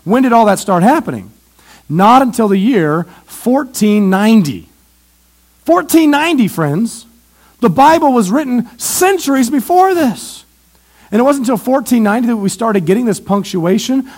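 A male pastor preaching a sermon in a church, animated and often questioning the audience. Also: very high voice, moderate pace, husky.

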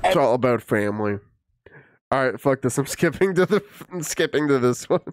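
Male streamer, animated delivery, casual and profane, quick to laugh while mocking a clip. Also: medium pitch, dry recording. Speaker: streamer reacting to videos. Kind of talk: casual live-stream commentary.

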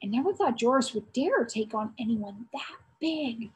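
Brief: a woman doing a plain-spoken boy in a storybook, light and high. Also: expressive, moderate pace, lightly acted.

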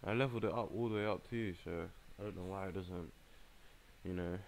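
A young man, giving a casual running commentary as he plays a mobile game, reacting in an exasperated, excitable way with plenty of slang. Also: low-pitched, fairly quick, a little hiss or hum. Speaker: gaming channel host.

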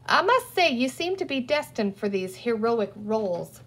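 A woman's voice: fairly high pitch, sing-song, normal speed, a bit bright, husky, heavily acted. A woman reading a storybook aloud and voicing a sly, theatrical male pirate villain with a mock-courtly, gloating manner.

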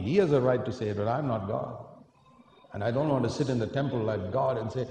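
A man's voice: mid-range voice, lively intonation, fairly quick, dark tone. A man preaching a sermon, earnest and emphatic, often asking his listeners questions. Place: large hall. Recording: echoey hall, faint noise.

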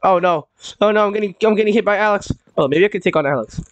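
A young male gaming streamer chats casually during a live game stream, speaking fast in a high voice. His talk is loose, full of fillers, restarts and repeated words.

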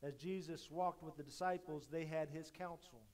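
A male pastor preaches a sermon, climbing to loud, emphatic lines and falling back to quiet asides, frequently repeating words as he restarts phrases. His voice is on the high side, with a steady tone and normal speed.

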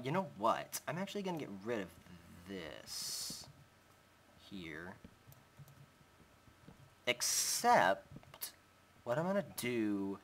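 A man's voice: fairly low pitch, bright, forceful tone. A young man hosting a Minecraft let's play, chatting casually as he builds and talking to his in-game pet. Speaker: gaming channel host.

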